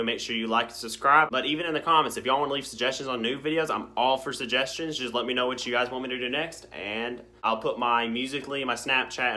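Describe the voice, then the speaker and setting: A young man, telling high school stories in a rambling, casual vlog. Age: young adult. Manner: rambling, filler-heavy, animated storytelling. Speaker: vlogger.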